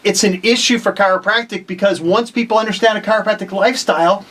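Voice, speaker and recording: Casting: male host, 40s, higher voice, excitable, slangy casual chat. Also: fast talker. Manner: excitable, laughs often, slangy. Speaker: show host.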